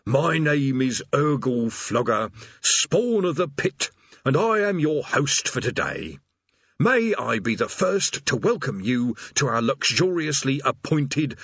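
A man voicing a weary, put-upon male demon who guards hell's door, rasping and mournful as he recites a cheery customer-service script. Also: mid-range voice, very animated, takes it slowly, fairly bright tone, no room sound, dull audio, pitched above the performer's own voice, exaggerated voice. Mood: reciting stiffly.

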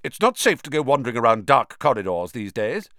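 A man's voice: medium pitch, very animated, brisk, sharp tone, no echo, clean studio sound. A man reading an audiobook, voicing a pompous, stiff teenage boy prefect who speaks sternly and indignantly.

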